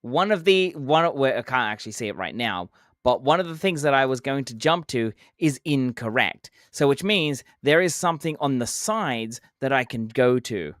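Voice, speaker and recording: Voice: medium pitch, animated, moderate pace, no echo, studio quality. A game streamer chatting casually while playing, answering chat, counting down jumps and making playful sound effects.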